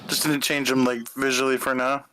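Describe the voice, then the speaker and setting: A man playing a tabletop game, describing his character in a hesitant, halting way. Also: medium pitch, level tone, bright, forceful tone, faint music behind, low-quality recording. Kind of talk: casual chat.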